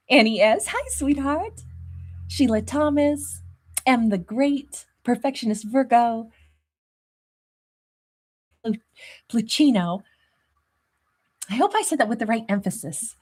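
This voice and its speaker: A woman with a slightly high voice hosts a live tarot stream. She chats casually, greets viewers one by one with pet names like sweetheart and babe, and laughs easily. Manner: warm, chatty, laughs often, calls viewers babe and sweetheart. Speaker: tarot reader and channel host.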